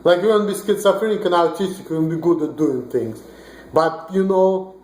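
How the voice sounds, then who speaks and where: A man's voice: high voice, moderate pace, darkish tone. A young man in his twenties from Russia with a Russian accent, ranting bluntly and profanely in a rambling vlog monologue with many restarts. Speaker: vlogger. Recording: roomy echo.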